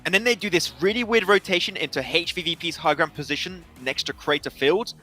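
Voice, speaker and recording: A man talking as an esports analyst at a desk, in quick rambling chat with restarts. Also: fairly high pitch, bright, forceful tone, soft background music.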